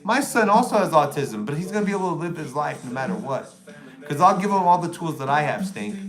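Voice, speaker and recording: Foul-mouthed streamer, high voice. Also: male voice, very animated, quick pace, faint music behind. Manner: taunting, crude, rambling. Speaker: livestream host. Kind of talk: profane livestream rant.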